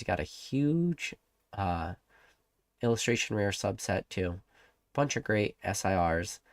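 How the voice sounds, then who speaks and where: A man's voice: fairly low pitch, a little mellow, no room sound. A man hosting a livestream, rambling in a casual rant, repeating rhetorical questions, swearing now and then, and reading out and greeting chat viewers. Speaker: livestream host.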